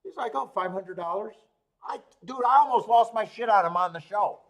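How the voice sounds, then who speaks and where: Animated man hosting a racing stream. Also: sits high. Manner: animated, swearing, laughing, fast rambling with restarts. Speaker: host of a horse racing betting livestream. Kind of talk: casual livestream chat.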